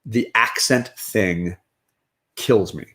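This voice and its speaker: A middle-aged man with a fairly low voice chats casually about movies with his daughters. He rambles and restarts his sentences often, circling back to his points in an easygoing way. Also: takes it slowly, fairly bright tone. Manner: rambling, with many restarts and fillers. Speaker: host, father reviewing films with daughters. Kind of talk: casual chat.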